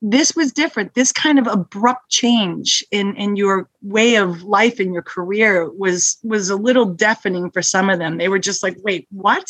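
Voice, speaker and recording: A woman who manages hospital security, chatting as a podcast guest and telling stories with lively acted-out quotes. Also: mid-range voice, unhurried, hardly any pauses, no room sound, low-quality recording. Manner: lively storyteller who acts out quoted exchanges. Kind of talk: casual interview chat.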